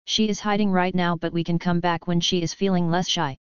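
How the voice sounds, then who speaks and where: A woman reading the lines of a calm, wry young male wizard student in an even, gentle voice. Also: lowish voice, a little fast, smooth, no room sound, lightly acted. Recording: dry, slightly dull lo-fi.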